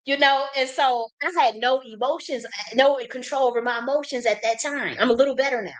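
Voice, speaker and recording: Profane, animated American woman storyteller. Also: high voice, fairly quick, poor audio. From United States. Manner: blunt, profane, animated storyteller with frequent restarts. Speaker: host. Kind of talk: casual storytelling monologue.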